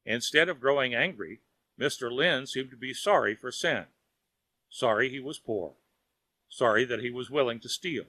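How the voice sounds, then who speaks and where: A man narrating a children's audiobook in a measured storytelling manner. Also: mid-range voice, sharp tone, no room sound.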